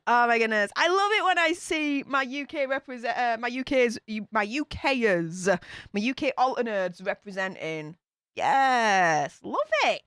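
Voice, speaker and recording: Yorkshire lass chatting on her livestream, reads out comments, bit high voice, dry close sound. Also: expressive, a little slow, a bit bright, clear, resonant tone, no room sound. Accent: Yorkshire English. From Yorkshire, England. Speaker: YouTube channel host. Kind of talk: casual livestream chat reading comments.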